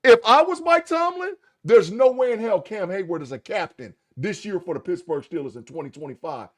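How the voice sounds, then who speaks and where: A man on a sports podcast hammers home his opinion with blunt emphasis. His voice sits high for a man and swings widely in pitch as he gets going. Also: expressive, a little fast. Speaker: podcast co-host. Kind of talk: casual sports debate.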